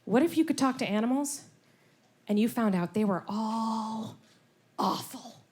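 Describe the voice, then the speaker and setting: A woman performing a stand-up comedy set on stage, animated, slipping into silly voices. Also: a little high, a little slow, husky. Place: comedy club stage before a laughing audience.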